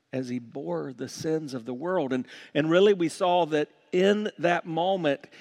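A man preaching a sermon as pastor, swinging from loud emphasis to hushed quiet and slowing down to stress key words. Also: on the high side, vocal fry.

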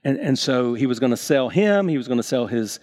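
A male pastor preaching a sermon, telling stories and acting out the characters with big swings in pitch and volume, often restarting his words. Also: lively intonation, brisk, a little mellow. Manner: stammering restarts.

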